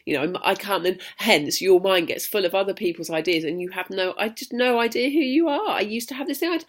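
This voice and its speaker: A woman's voice: medium pitch, fairly quick. Young woman vlogging to camera, rambly and blunt, swears a lot, trips over her words. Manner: rambling, frank, swears freely, restarts often. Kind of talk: candid personal vlog monologue.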